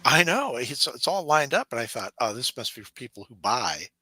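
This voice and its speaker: Lively, bright-voiced man telling stories. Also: mid-range voice, normal speed, breathy edge, no room sound, low-quality recording. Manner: animated storyteller, acts out quoted people, laughs often. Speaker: podcast co-host. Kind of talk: casual chat.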